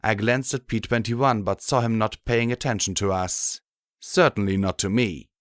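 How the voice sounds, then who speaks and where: A man reading a fan fiction audiobook in a steady, measured way. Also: on the low side, no echo, clean studio sound. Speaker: audiobook narrator.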